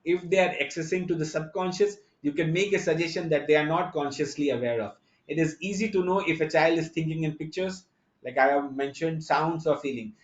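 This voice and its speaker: A man giving an online conference lecture, explaining step by step and often pausing on fillers and restarts. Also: a little high. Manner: halting, many fillers and restarts; explanatory, addresses the audience directly. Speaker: conference speaker. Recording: echoey lo-fi online talk audio.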